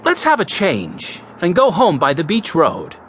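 A man's voice: fairly high pitch, wildly swooping pitch, a little slow, a bit bright, a little hiss or hum, exaggerated voice. A male audiobook narrator voicing a good-natured teenage older brother who sounds easygoing. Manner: easygoing, amused. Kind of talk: audiobook character voice.

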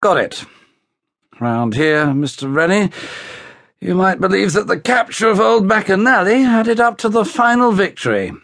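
A man's voice: high voice, expressive, unhurried, creaky, a bit bright, dry recording, clean studio sound, voice pushed up, heavily acted. A man voicing a tired young army officer who speaks in a clipped, indignant way in an audiobook. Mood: indignant, wry. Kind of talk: audiobook character voice.

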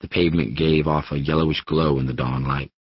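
A man reading an audiobook in steady first-person narration on a studio microphone. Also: extremely low pitch, a little fast, husky, lo-fi sound. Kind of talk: scripted narration.

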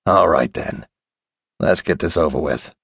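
A man's voice: a bass voice, unhurried, gravelly, fairly bright tone, slightly rough, no echo, clean studio sound, heavily acted. A male narrator voicing a blunt, grumbling thirty-year-old man.

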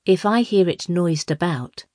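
A young male secretary, careful and composed, picking his words with caution, read by a woman. The voice sits low with a close, dry sound. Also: expressive, a little slow, darkish tone, dry recording. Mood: guarded.

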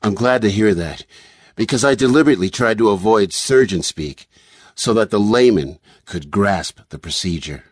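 A man as a calm, explaining brain surgeon. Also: on the low side, slightly rough, dry recording, studio quality. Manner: measured, explanatory. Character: calm, confident male brain surgeon and author.

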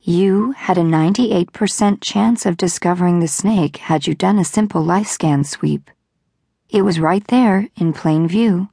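Woman narrator putting on a gentle robot mother. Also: on the low side, vocal fry, husky, dry recording, studio quality, exaggerated voice. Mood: gentle concern. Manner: gentle, measured, faintly formal. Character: kind graceful female robot caretaker, calm, precise.

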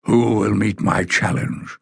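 Man doing a bewitched bridge guard, low rasping voice, very slow, gravelly, flat tone, storybook reading. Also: dry recording, clean studio sound, heavily acted. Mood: grim, flat. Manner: slow, flat, unblinking delivery. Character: bewitched golden-eyed male bridge guard, grim.

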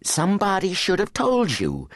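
A woman's voice: low voice, very animated, unhurried, dry recording, studio quality, voice pushed up, exaggerated voice. A man voicing a tough, scornful teenage girl spy who is itching for a fight, in an audiobook. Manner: cocky and scornful.

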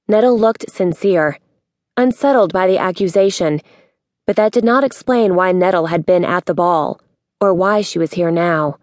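Woman audiobook narrator: measured, even storytelling, dry studio sound. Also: on the low side, no room sound. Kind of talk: scripted narration.

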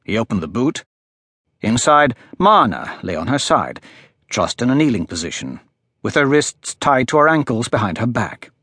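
A man narrating a crime thriller audiobook in a steady, measured, unhurried voice. His pitch sits right in the middle range. The recording is dry, with no room sound at all. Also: breathy edge, dry recording.

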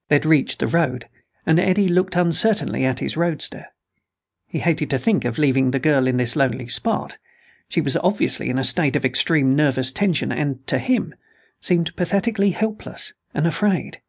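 Male narrator, husky, gravelly tone, for vintage sci-fi storytelling. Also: on the high side. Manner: measured storytelling. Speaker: audiobook narrator. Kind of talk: scripted narration.

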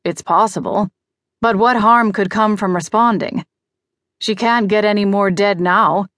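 A woman narrating an audiobook, voicing a polite, analytical male ghost detective in a measured, matter-of-fact way. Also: medium pitch, fairly bright tone, dry recording, studio quality, close to an everyday voice. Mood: dry. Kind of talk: audiobook character voice.

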